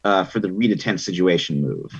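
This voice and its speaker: Male game master, husky, easygoing narrator, muffled stream audio. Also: deep voice, expressive, fairly quick, soft background music. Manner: chatty, many ums and likes. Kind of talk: narrating a tabletop game online.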